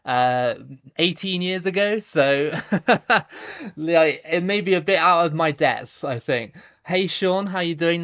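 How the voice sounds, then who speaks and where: Man, Somerset accent, thirties, live-stream chat, relaxed and rambling, higher voice, muffled stream audio. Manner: relaxed, chatty, frequent ums and repeated starts, laughs easily. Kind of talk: casual live-stream chat reading viewer comments.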